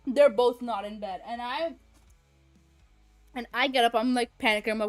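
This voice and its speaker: High-voiced young woman, laughing storyteller. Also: moderate pace, dry recording, faint music behind. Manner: animated, laughing often, swearing freely. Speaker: streamer and voice actor. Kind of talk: casual chat recounting a story.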